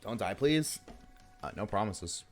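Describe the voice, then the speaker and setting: Brief: male streamer, worn out and yawning, rambly jokey chat with viewers, soft game music under. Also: on the low side, expressive, a little slow. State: tired, yawning. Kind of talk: casual live-stream chat while gaming.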